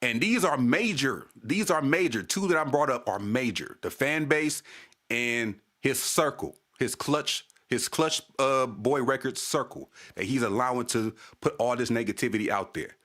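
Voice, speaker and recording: A man's voice: medium pitch, normal speed, a bit bright. Casting note: a male stream host in a heated, profane casual rant, repeating his points. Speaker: channel host.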